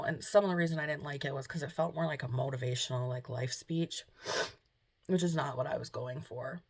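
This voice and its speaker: A young woman vlogging at home, talking softly and hesitantly with many pauses, emotional and close to tears. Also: deep voice, gravelly, breathy edge. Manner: soft, hesitant, full of ums and trailing off. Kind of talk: casual confessional vlog talk. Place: at home, indoors.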